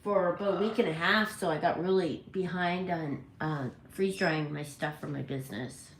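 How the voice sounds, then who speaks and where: A parrot channel host rambles through a relaxed home livestream, chatting with viewers and catching her own mistakes. She speaks at a normal speed in a gravelly, lowish voice. Slight background noise and reverb mark the rough recording.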